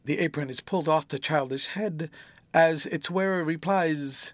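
A man narrating a classic novel in an expressive storytelling manner. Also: on the high side, moderate pace, no echo. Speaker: audiobook narrator.

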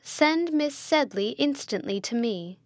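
A woman voicing a stern, pompous elderly schoolmistress who speaks slowly and coldly in a commanding way. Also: sits high, expressive, no room sound, clean studio sound, pitched above the performer's own voice. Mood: cold, imperious. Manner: slow, haughty, commanding. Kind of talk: audiobook character voice.

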